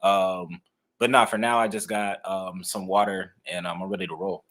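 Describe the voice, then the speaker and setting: A young man co-hosting a sports podcast in a laid-back, measured way, with frequent ums. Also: low voice, flat delivery, a bit bright. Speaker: sports reporter, podcast co-host. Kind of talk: casual sports podcast chat.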